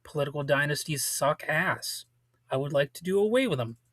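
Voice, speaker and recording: Male podcast host, a bit high-pitched, blunt casual delivery, dry close sound, voice slightly worn. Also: animated, a little fast, no room sound. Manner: casual, blunt, with frequent restarts and swearing. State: losing his voice a little. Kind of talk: casual political commentary.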